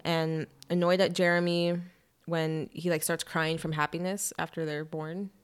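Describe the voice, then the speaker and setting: A young woman casually retelling a novel on a chat podcast, animated, with quick asides and lots of "like". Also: sits low, smooth.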